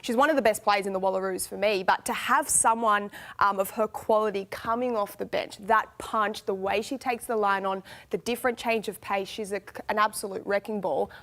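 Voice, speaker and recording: A woman's voice: medium pitch, fairly even intonation, brisk, hardly any pauses, fairly bright tone. A woman giving chatty, enthusiastic rugby analysis. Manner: enthusiastic, chatty, filler-heavy. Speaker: rugby pundit. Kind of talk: sports commentary.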